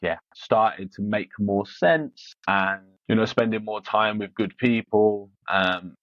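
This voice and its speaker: A man's voice: lowish voice, takes it slowly, a bit bright, dry recording. A man, a podcast guest, talking frankly and casually, often repeating words as he restarts. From Iran. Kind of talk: casual interview chat. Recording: dull, dry, lo-fi sound.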